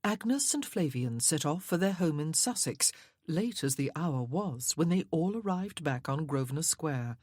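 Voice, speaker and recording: A woman narrating an audiobook in a measured, even way. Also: low-pitched, no room sound, studio quality.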